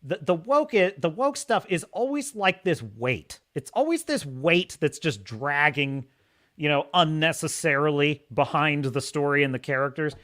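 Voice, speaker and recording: A man's voice: on the high side, sing-song, moderate pace, a bit bright. A man hosting a podcast, giving opinionated casual commentary in a mocking way and laughing often. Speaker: podcast host.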